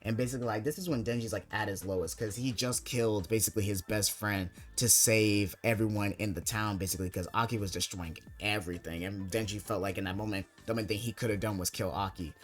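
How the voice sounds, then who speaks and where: A man's voice: on the low side, steady tone, quick pace, few pauses. A young man recapping an anime plot in casual commentary, rambling with constant filler words. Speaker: anime video essayist.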